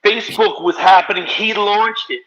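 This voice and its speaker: A man, a stand-up comedian, telling stories in a rapid, run-on way during a podcast interview. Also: high-pitched, fairly even intonation, a bit bright, highs cut off. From New Jersey, US. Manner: rapid, run-on storytelling with acted-out quotes. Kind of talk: animated storytelling in a podcast interview.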